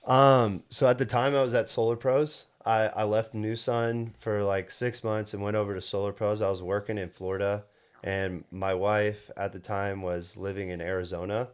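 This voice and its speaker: A man's voice: fairly low pitch, level tone, moderate pace, smooth. A young man in his twenties, a podcast co-host, telling a personal story in casual chat, earnest and rambling with many restarts. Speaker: podcast co-host and solar salesman.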